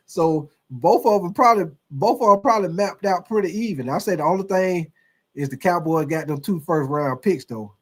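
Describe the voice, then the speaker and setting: A man hosting a casual sports livestream, talking in an animated, slangy way and reading out viewer comments. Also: sits high, moderate pace, breathy edge. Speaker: host.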